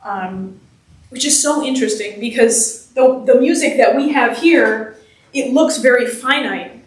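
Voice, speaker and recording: A woman singer with a fairly high voice chats through a post-concert Q&A, explaining in a lively, laughing way. She sounds far from the mic. The sound rings around a large church hall. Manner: chatty and explanatory, with quick laughs. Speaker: singer answering audience questions.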